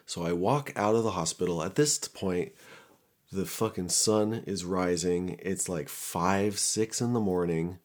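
Low-voiced young man telling a raw story. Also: a little slow, a little mellow. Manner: candid, profane, rambling with restarts. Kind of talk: casual personal storytelling.

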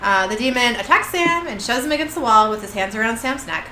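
A woman's voice: on the high side, animated, a little fast, sharp tone. A woman co-hosting a podcast who reads out an episode recap in casual chat, with many fillers and asides. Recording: echoey room with faint hiss.

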